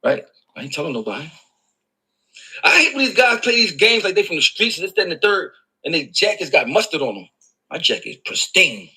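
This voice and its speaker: Brief: Philly-man, sharp raspy voice, high and swooping pitch, taunting rant. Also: big pitch swings, brisk, low-quality recording. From Philadelphia. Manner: mocking, repetitive, sarcastic. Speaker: rapper in an online feud.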